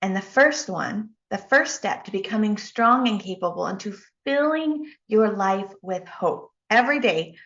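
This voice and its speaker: A woman coach giving a motivational talk, telling a personal story with emphatic, animated delivery. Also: medium pitch, dull audio. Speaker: life coach and speaker.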